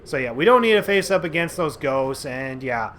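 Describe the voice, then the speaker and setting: A man's voice: fairly high pitch, lively intonation, normal speed, fairly bright tone, slight background noise. A man giving casual, rambling commentary over a video game he is playing at home, with lots of fillers and restarts. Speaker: let's play host.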